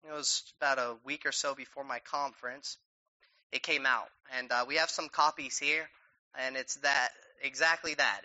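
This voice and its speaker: A bright, forceful male voice talks with easy enthusiasm, often calling listeners "man" or "dude" between laughs. He then moves into a heartfelt spoken prayer before the congregation. The recording is dull and lo-fi. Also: on the high side. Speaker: guest speaker. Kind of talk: casual talk and spoken prayer.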